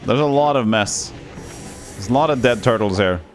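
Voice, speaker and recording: A man's voice: mid-range voice, normal speed, faint music behind. A man with a Norwegian accent chatting casually and joking while he streams a game live and reads chat aloud. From Norway.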